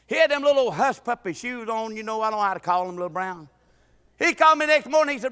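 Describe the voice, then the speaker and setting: Preacher man, real high bright voice, folksy stories, stammers and restarts, long church hall echo. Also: very animated, quick pace, smooth. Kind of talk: sermon with storytelling.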